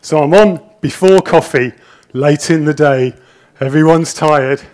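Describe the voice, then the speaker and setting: A nervous, chatty middle-aged man tells stories and jokes about himself during a talk in a conference hall, picked up by a wireless presenter mic with a body pack. His voice is fairly high in pitch yet darkish in tone, and he speaks a little slowly.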